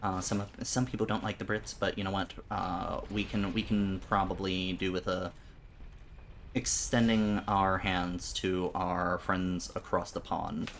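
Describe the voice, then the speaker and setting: Low-voiced stammering male streamer. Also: level tone, unhurried, vocal fry, a little hiss or hum. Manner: rambling, stammering, repeating words. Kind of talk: casual live-stream chat with viewers.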